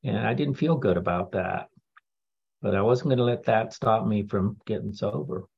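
Man, husky voice, candid testimony talk with dry humor. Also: on the low side, normal speed, lo-fi sound. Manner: candid, wry storytelling with laughs. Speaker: speaker sharing a recovery story.

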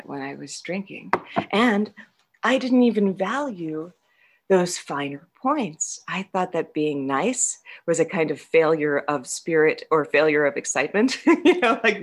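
A woman telling her own story candidly, rambling, mocking herself and laughing often mid-sentence. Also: low-pitched. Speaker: guest sharing a recovery story.

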